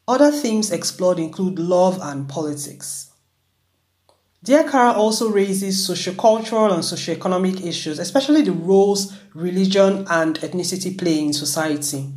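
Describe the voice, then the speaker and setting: The host of a book review show, talking through a novel and reading a passage from it in a measured, clear way. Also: mid-range voice, darkish tone. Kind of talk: book review with read excerpt.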